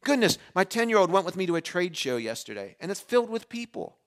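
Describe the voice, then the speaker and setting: A man in his forties preaching a sermon as pastor, animated and shifting between loud emphasis and hushed asides, in a church. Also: high voice, fast. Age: 40s.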